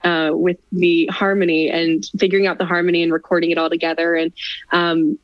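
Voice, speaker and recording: A woman's voice: fairly low pitch, little pitch movement, a little fast, no room sound. Chatty young woman, dull dry sound. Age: 20s. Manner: chatty, laughs often, self-deprecating asides. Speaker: podcast guest. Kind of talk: casual chat.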